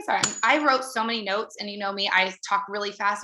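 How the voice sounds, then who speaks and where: A woman coaching her business team in a motivational talk, talking fast and earnestly, with many fillers and restarts. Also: mid-range voice, steady tone, bright, forceful tone, roomy sound.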